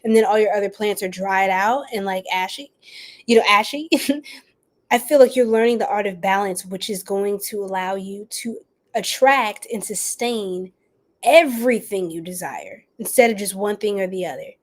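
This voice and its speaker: A woman's voice: mid-range voice, normal speed. A woman giving a casual live-stream tarot reading, bubbly and slangy, laughing often and chatting with her viewers. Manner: bubbly, giggly, slangy, talks to chat. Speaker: tarot reader.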